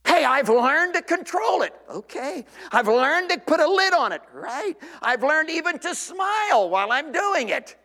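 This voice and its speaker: A man's voice: high voice, sing-song, a little fast, fairly bright tone, heavily acted. A man playing a hot-tempered, self-justifying churchgoer, mock-earnest and defensive, in a church with long reverb.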